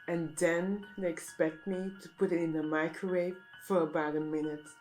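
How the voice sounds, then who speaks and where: A woman delivering a deadpan, mock-serious satirical monologue as a comedic vlogger. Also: on the low side, moderate pace, faint music behind, rough recording.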